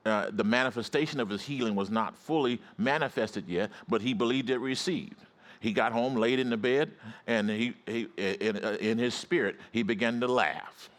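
A man preaching a sermon, telling stories and calling on the congregation to answer back, swinging from low storytelling to high rising exclamations. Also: moderate pace. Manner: repetitive, call-and-response preaching.

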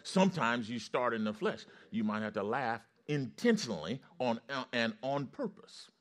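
A man's voice: mid-range voice, normal speed. Male preacher with call-and-response delivery. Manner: call-and-response, building to loud excitement. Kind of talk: sermon.

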